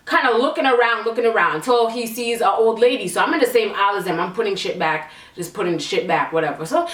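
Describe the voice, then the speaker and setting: Young woman storyteller, blunt and swearing, recorded in an echoey room. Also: on the high side. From Canada. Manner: animated, candid and profane. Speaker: vlogger. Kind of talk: storytime vlog. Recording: echoey room, mic at a distance.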